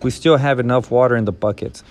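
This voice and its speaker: A man reading the lines of a weary, gentle woman guide in a calm, explaining way. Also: medium pitch, quick pace, natural voice.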